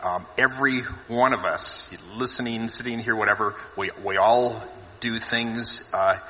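A man talking thoughtfully in a relaxed discussion, often repeating words as he gathers his thoughts. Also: on the low side, a little slow, slight background noise. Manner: hesitant, repeats words while thinking. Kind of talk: casual discussion. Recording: reverberant room.

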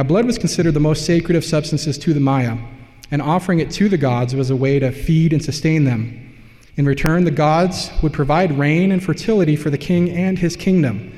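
A man's voice: on the high side, dark tone. Man lecturing in a reverberant hall. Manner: explanatory, loosely conversational with asides. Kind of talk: academic slide lecture.

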